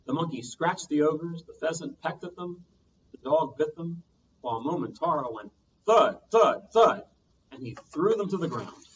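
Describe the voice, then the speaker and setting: A man, a children's librarian, reading a storytime tale aloud with lively sound effects, heard from a distance on muffled audio. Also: on the high side, normal speed, a little hiss or hum.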